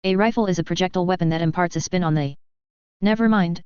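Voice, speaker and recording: A woman's voice: fairly low pitch, fast talker, a little mellow, clear, resonant tone, no room sound, highs cut off, close to an everyday voice. A woman voicing a cool, dangerous woman mercenary who sounds sweet and cheerful with a cold edge underneath, in an audiobook read. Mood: dry.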